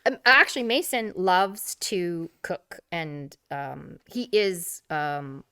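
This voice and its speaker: A woman's voice: fairly low pitch, slow pace, sharp tone, clear, resonant tone, no echo, studio quality. A middle-aged woman co-hosting a podcast in casual chat, chatty and laughing often, trailing off. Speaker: podcast co-host.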